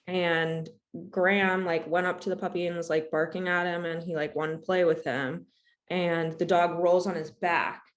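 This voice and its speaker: A young woman co-hosting a podcast, chatting casually and telling an animated story, acting out both sides of an argument. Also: on the low side, moderate pace. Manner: animated storytelling, acts out quoted exchanges. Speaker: podcast co-host. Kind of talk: casual chat.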